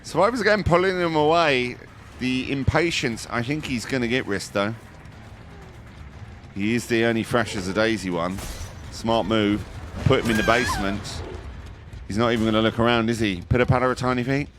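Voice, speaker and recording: A man giving live commentary on a competitive online match, chatty and jokey, breaking into excited high exclamations. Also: normal speed, slight background noise. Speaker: esports commentator.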